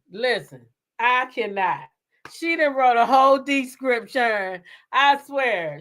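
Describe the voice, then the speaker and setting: A woman hosts a gossip live stream with casual commentary, blunt and profane and laughing often. Her voice is fairly high with a sharp tone.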